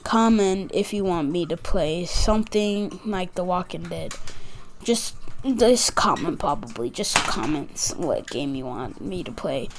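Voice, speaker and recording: A woman's voice: on the low side, animated, a little slow, a little hiss or hum. A young girl telling a school story to camera, rambling and acting out what others said, with many "like"s. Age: child. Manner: rambling, fills with "like", acts out quotes. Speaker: gaming channel creator.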